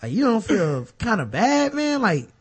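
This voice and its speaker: A man's voice: sits high, a little slow, husky. A man in casual chat about basketball, telling stories and acting out the quotes in them. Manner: animated storytelling, acts out quotes.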